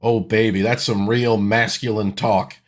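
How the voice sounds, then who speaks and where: A man's voice: on the low side, level tone, measured pace. A man in his thirties hosting a reaction video, with sarcastic, exasperated ranting commentary.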